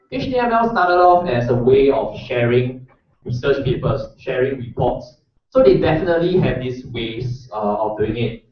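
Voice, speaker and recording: A man teaches a live coding workshop, talking in a loose, chatty way and often checking that his listeners follow. His voice rings through a very echoey room and sounds far from the mic. The recording is dull and lo-fi. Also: mid-range voice. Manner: casual, chatty, checks in with the audience. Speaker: workshop instructor. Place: lecture room. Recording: roomy echo, distant mic, dull lo-fi sound.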